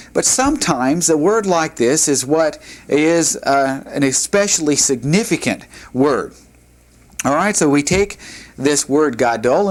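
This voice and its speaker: A man teaching a language lesson, pronouncing each word slowly and repeating it, with frequent fillers and restarts. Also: fairly high pitch. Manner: slow, careful pronunciation drills with repeated words. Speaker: Hebrew teacher. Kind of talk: recorded classroom lecture.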